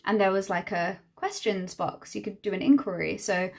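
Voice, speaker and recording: A woman's voice: mid-range voice, moderate pace, creaky. A young woman, a hairstylist, telling a chatty, exasperated storytime while doing her makeup, acting out the other people's lines. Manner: chatty, exasperated, acts out quoted dialogue.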